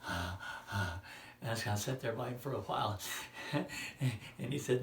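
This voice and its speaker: Animated man telling a Christmas story. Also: mid-range voice, measured pace, vocal fry, slight background noise. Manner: animated storytelling, acts out dialogue, drops to a whisper. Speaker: children's speaker. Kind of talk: children's Christmas message. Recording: roomy hall, voice from far off, faint ambience.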